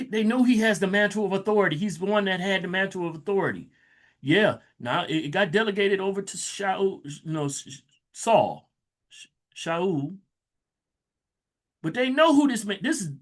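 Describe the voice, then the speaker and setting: A man teaching from scripture, his voice sitting a little high and swinging widely in pitch. He reads the verses with slow weight, then slips into loose, chatty explanations. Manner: reads verses slowly, then breaks into loose conversational asides. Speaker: Bible teacher. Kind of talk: scripture reading with casual commentary.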